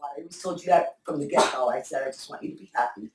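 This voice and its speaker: A middle-aged woman speaking candidly in an interview, halting and repeating herself as she answers. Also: low voice, darkish tone. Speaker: interviewee, mother of the host. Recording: echoey room, mic far off.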